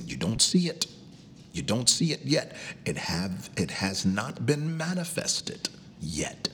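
A man preaching a sermon as pastor. He calls out to the congregation, swings up to loud cries and drops down to near whispers. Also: mid-range voice, big pitch swings, moderate pace, slight background noise. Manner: preaching with call and response, rising to shouts and dropping to whispers.

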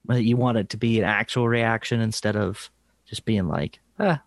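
A man's voice: on the low side, fairly even intonation, normal speed, no room sound. A young man co-hosting a podcast, chatting casually, swearing freely and laughing as he tells stories. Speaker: podcast co-host.

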